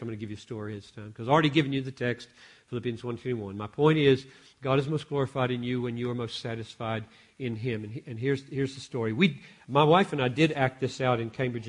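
An older American man preaching a sermon, telling a story with animated delivery and frequent self-corrections. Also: mid-range voice.

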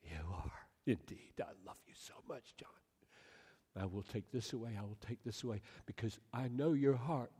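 A man voicing God as a gentle, loving father, speaking in a hushed, tender way. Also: mid-range voice, unhurried, close to an everyday voice. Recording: echoey hall with long reverb.

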